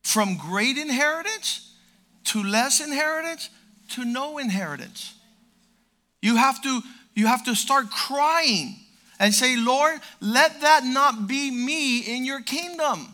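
High bright preaching man. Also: takes it slowly. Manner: energetic, swings from quiet asides to loud exhortation; storytelling with playful humor. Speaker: pastor. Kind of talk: sermon.

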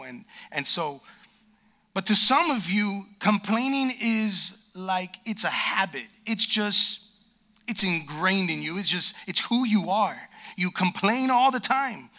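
A male pastor preaches in a church in a high, bright voice. His delivery is animated, and he slips into the voices of the people he quotes. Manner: animated, acts out quoted complainers. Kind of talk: sermon. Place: church sanctuary.

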